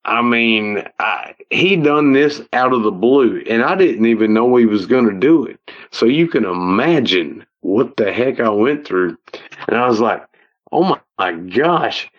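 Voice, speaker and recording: A man's voice: mid-range voice, expressive, a little slow. A man with an Ozark Southern accent telling a personal story in a rambling, folksy way, repeating himself as he goes, heard over a phone call. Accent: Ozark Southern American. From Ozark Mountains, United States. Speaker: guest telling a personal encounter. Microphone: phone call audio.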